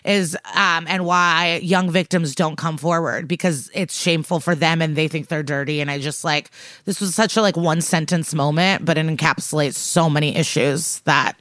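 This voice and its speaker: Bright, chatty woman podcast host. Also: low-pitched, normal speed, no echo. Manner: animated retelling, quoting characters with "like". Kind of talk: casual recap of a TV episode.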